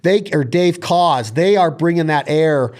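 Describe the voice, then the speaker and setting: Casting: man, somewhat high voice, energetic host who lays out every detail. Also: a little slow. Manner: energetic, detailed, lists body parts and steps. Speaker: podcast host. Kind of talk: casual instructional chat.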